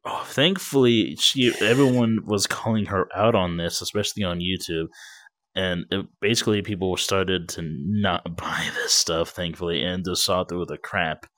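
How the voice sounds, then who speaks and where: A man's voice: sits low, moderate pace, fairly bright tone, no echo, studio quality. A man co-hosting a podcast, talking in a laid-back way with casual slang. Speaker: podcast co-host. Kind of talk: casual chat.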